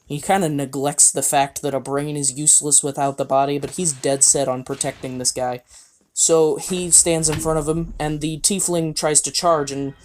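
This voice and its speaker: A man's voice: fairly high pitch, fairly even intonation, moderate pace, darkish tone, a little hiss or hum. A man casually recounting a tabletop game session, rambling with fillers and chuckles. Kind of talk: casual storytelling.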